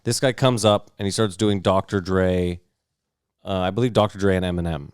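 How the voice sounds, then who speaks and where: Man, podcast co-host, low voice, dry close sound, profane storyteller. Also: normal speed, smooth, no echo. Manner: animated, profane, long-winded anecdotes. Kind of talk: casual storytelling chat. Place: podcast recording setup.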